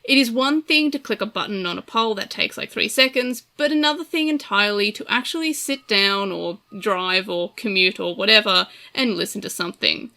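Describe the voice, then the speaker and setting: A woman's voice: medium pitch, normal speed, vocal fry, few pauses, bright, forceful tone. A woman with an Australian accent, talking casually as the host of a podcast, chatty and self-deprecating.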